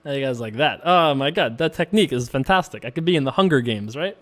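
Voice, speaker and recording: A man's voice: medium pitch, expressive, fast, a bit bright. A man casually chatting and joking while he plays online poker, laughing often. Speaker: poker vlogger.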